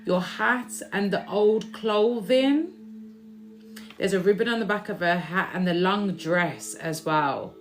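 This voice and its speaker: A woman's voice: medium pitch, takes it slowly, faint music behind. A woman doing a casual, chatty spiritual card reading, often repeating phrases she says she hears from spirit.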